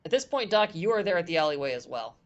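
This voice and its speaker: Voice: medium pitch, very animated, quick pace, highs cut off. Chatty, loose tabletop game master. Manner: loose and chatty, with fillers and restarts. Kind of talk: narrating a tabletop horror game.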